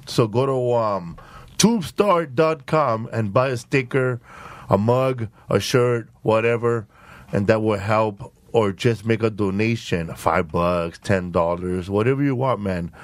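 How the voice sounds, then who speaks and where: A man's voice: fairly low pitch, a little slow, dry recording. Joking man hosting a podcast. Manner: loose, joking, profane. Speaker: podcast host. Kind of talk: casual podcast chat. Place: podcast studio. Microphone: studio microphone.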